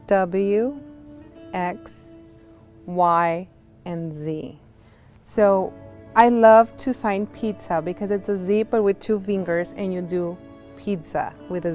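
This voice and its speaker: A woman teaching a virtual class as a sign language interpreter, slow and clear, going through letters one by one and explaining with friendly examples and asides. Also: medium pitch, a little mellow. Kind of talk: casual instructional talk. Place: home, on a video call. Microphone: video call.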